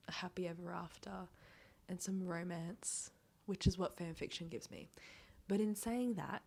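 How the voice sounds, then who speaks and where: Breathy, hoarse woman whispering her chat. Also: on the low side, mellow. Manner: chatty, rambling, laughs often. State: hoarse, recovering from illness. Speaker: book vlogger. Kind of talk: casual reading vlog chat. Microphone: small clip-on microphones.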